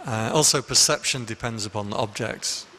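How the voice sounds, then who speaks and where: A man's voice: medium pitch, moderate pace, sharp tone, a little hiss or hum. A man, a Buddhist monk, giving a conversational dharma talk full of anecdotes in a meditation hall. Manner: conversational, anecdotal, with frequent restarts.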